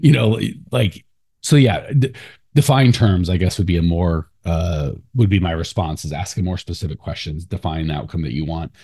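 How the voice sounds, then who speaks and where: Loose-talking male podcast host, low voice. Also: normal speed, dark tone, breathy edge. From United States. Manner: loose, talky, laughs often, lots of fillers. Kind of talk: casual podcast chat.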